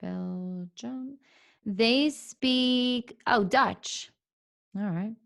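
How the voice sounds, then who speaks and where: A woman hosting a podcast in a casual chat. She talks playfully, laughs often and thinks out loud. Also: fairly high pitch, very slow, creaky. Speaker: podcast host.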